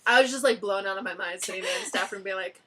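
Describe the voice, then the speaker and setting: A woman's voice: mid-range voice, racing, a crowd in the background. A woman in her twenties telling stories about teaching in a casual chat among friends, acting out quotes and laughing often. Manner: animated storyteller, acts out quotes, laughs often. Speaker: ALT teacher sharing stories.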